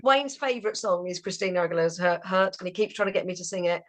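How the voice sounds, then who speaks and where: Chatty woman, lower voice. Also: quick pace. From England. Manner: chatty, laughs between thoughts, many fillers. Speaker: band member. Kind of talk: casual interview chat.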